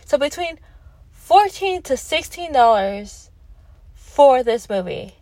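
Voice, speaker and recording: A woman's voice: sits high, big pitch swings, takes it slowly, darkish tone, dry recording. A young woman with a Canadian accent giving a chatty, emphatic movie review from her parked car. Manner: chatty and emphatic, self-deprecating. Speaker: vlogger. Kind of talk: casual movie review vlog.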